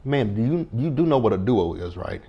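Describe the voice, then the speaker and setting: A man's voice: fairly low pitch, expressive, normal speed, vocal fry, husky, dull audio. A man in his thirties giving a casual reality TV recap, blunt and profane, speaking straight to the cast members and stressing his words. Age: 30s.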